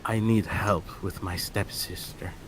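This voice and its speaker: A somber young nobleman with a lowish voice, as a man plays him, speaking formally and slowly, heavy with grief for his father. The recording carries noticeable background noise. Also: fairly even intonation, a bit bright, rough recording. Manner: formal, measured, sorrowful. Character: weary noble son living in his father's shadow.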